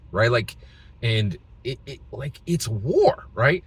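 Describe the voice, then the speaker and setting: A man's voice: mid-range voice, big pitch swings, slow, breathy edge, dry recording. A man from Philadelphia giving casual political opinion commentary, emphatic, restarting phrases and tagging lines with "right?". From Philadelphia, United States.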